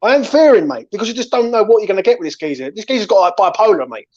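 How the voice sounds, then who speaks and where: Ranting football fan. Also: male voice, high voice, sing-song, very fast, a little mellow. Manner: ranting, swearing, keeps saying "right?" and "mate". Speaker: fan channel host. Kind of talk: angry post-match fan chat. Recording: slightly dull lo-fi sound.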